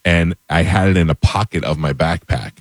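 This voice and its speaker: Deep voiced host dude, laid back, tells rambly stories, dry room. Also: male voice, normal speed, dry recording. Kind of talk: casual chat.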